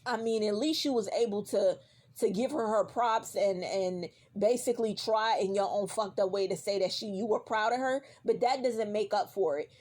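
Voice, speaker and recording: A woman's voice: medium pitch, moderate pace, a little mellow. A woman ranting directly at a TV character in a casual reaction vlog, heated and profane, repeating lines for emphasis. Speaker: vlogger.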